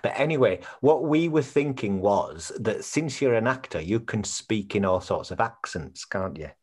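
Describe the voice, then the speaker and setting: A blunt, earnest son in a comedy series, chatting over a video call and checking everything with his mother. His voice sits fairly low. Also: expressive, moderate pace, a little mellow. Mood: earnest, chatty. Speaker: bereaved son planning a funeral.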